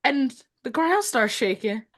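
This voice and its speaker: A woman co-hosting a podcast, in casual chat, telling stories with expressive swings. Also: sits high, a little slow. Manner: lively storyteller with expressive swings. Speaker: podcast co-host.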